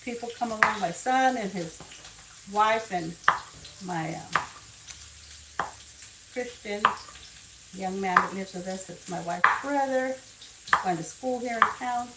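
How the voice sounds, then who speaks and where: A woman's voice: medium pitch, takes it slowly, pauses often. An older woman hosting a casual home cooking demonstration, chatting and wandering into family stories as she works. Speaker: cooking show host. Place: home kitchen. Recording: echoey kitchen, distant mic, frying noise. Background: sizzling and frying food.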